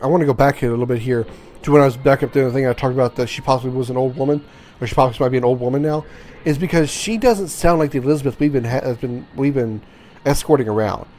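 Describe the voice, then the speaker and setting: A man's voice: medium pitch, a little mellow, slight background noise. A man casually commenting on his gameplay, rambling, correcting himself and swearing freely. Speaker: gaming channel host.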